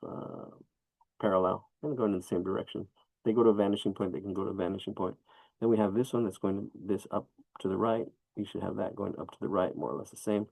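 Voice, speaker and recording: A man's voice: on the low side, creaky, no room sound, low-quality recording. A man teaching a live drawing lesson, talking casually to his students as he sketches and shades. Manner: relaxed, talks while sketching, coaching asides.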